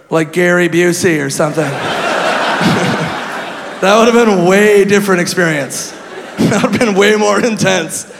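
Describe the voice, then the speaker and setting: A man's voice: sits high, creaky, noisy background. A man doing stand-up storytelling, brash and laughing at his own jokes on a comedy club stage, recorded live in a hall with a crowd.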